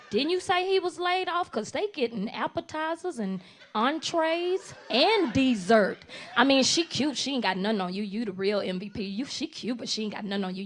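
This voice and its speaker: A woman voicing a blunt, nosy, street-smart woman friend who gossips rapid-fire with slang. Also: fairly high pitch, a little hiss or hum, lightly acted.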